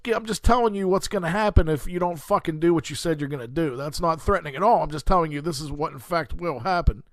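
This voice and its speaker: A man's voice: a little high, fairly bright tone, dry recording. A man hosting a podcast, telling a rambling, profane story in a heated, casual way. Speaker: podcast host.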